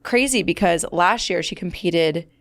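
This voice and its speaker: A young woman co-hosting a sports podcast, playful and quick to laugh at herself. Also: on the low side, a bit bright. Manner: playful, giggly, self-deprecating. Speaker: podcast co-host. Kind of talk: casual sports chat.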